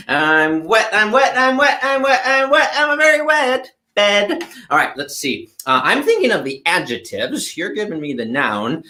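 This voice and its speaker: A giggly, bouncy puppet host, voiced by a performer leads a kids' word game in a sing-song way. The voice is bright and sharp, and its pitch leaps all over the place. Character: silly, playful puppet who sings word games.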